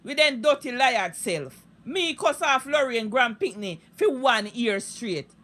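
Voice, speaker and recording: Jamaican woman with a high, piercing voice, ranting live in thick Patois, heated and foul-mouthed. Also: lively intonation, unhurried, a bit bright. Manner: heated, profane, repetitive ranting. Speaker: social media live streamer. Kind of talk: unscripted live-stream rant.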